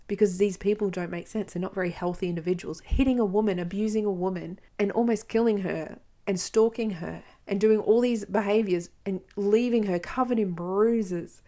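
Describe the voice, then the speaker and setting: A woman hosting a podcast, telling her own story in a frank, earnest monologue with quick asides. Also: medium pitch, dark tone. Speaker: podcast host.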